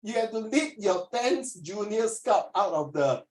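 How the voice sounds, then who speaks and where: A man's voice: high voice, expressive, measured pace, darkish tone, rough recording. A man with a Singaporean English accent tutoring a class, teasing his students and then lecturing them seriously.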